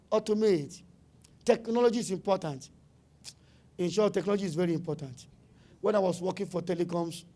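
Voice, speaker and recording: High-voiced Nigerian man lecturing emphatically. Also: warm tone. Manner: emphatic and repetitive, drops into pidgin phrases. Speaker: summit speaker. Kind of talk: animated conference talk.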